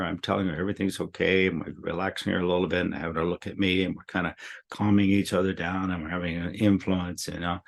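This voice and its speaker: An older man with a somewhat low voice tells a story in a loose, rambling chat. He doubles up words as he goes and turns gentle and reassuring when he quotes what he said. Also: creaky. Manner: rambling, repeats words, soothing when quoting himself. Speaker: guest teacher.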